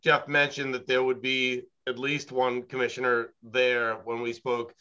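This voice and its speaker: A consultant talking through projects with a client board in a meeting, hedging often and filling pauses with "um" and "you know". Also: male voice, mid-range voice, completely flat delivery, pushed and bright, smooth, highs cut off. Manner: thoughtful, hedging, many fillers. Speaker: engineering consultant. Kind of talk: business meeting talk.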